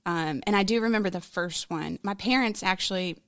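A woman's voice: mid-range voice, brisk, a bit bright, no echo, studio quality. A woman in a conversational interview, telling a personal story in a frank, candid, rambling way, full of fillers and emotion. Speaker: podcast guest.

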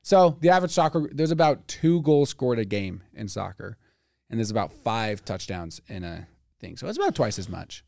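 A man's voice: lowish voice, sing-song, normal speed, creaky, a little mellow, no room sound, studio quality. A man co-hosting a casual podcast chat, rambling and thinking aloud with fillers. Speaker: podcast co-host.

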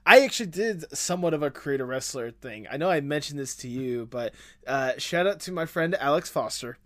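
A man's voice: a little high, expressive, a little fast, bright, forceful tone. A young adult man in casual podcast chat, rambling with lots of fillers and frequent laughs. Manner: rambling, filler-heavy, swearing, laughing often.

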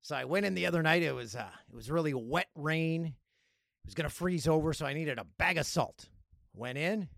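A Canadian man hosting a casual solo podcast, jokey and animated, with loud playful outbursts. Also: fairly high pitch, normal speed, gravelly, no room sound, studio quality. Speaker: podcast host.

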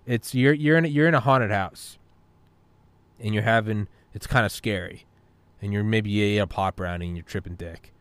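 A man with a lowish voice rambling through a loose, profane, philosophical podcast chat. The sound is close and dry, with no room around it. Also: normal speed, fairly bright tone, no echo. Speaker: podcast talker.

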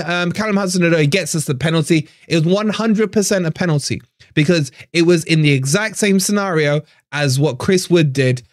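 A man's voice: high voice, no echo, studio quality. A man hosting a fan channel live stream, ranting in frustration, swearing and repeating himself.

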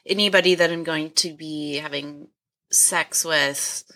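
A woman's voice: low voice, steady tone, a little slow, pushed and bright. A young woman in frank casual chat, thoughtful and matter-of-fact, with lots of "like".

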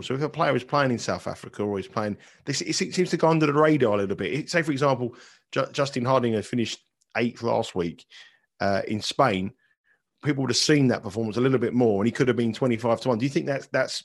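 A man hosting a casual betting chat, inquisitive and quick with follow-up questions. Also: medium pitch. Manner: inquisitive, chatty, quick to ask follow-ups. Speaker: podcast host.

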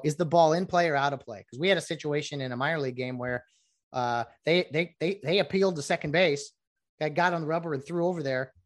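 A middle-aged man hosting a solo podcast, explaining rules in a chatty, rambling way with many fillers. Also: fairly high pitch. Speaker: podcast host. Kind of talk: casual solo podcast talk.

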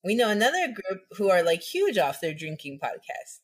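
A woman co-hosting a casual podcast, relaxed and giggly as she leads into the story. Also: mid-range voice, moderate pace, husky. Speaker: podcast co-host. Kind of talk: casual chat, presenting a story.

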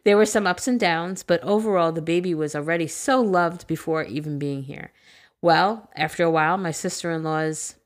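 A woman podcast co-host reading a listener's story aloud in a casual, animated way, with crude humor and bursts of laughter. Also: fairly low pitch, moderate pace.

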